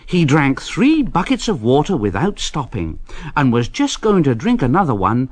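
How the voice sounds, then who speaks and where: A man reading a children's storybook aloud in an expressive, unhurried way. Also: medium pitch, no room sound. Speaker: reader.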